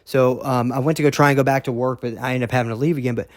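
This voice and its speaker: A man of ordinary pitch recounts his story in a casual, heated monologue, pressing his points with repeated "okay?" check-ins and restarts. He is blunt and drops a curse now and then. The recording is dry and close, with no room sound. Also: steady tone, very fast, dry recording. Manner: emphatic, keeps asking "okay?", repeats himself. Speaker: vlogger telling his own story.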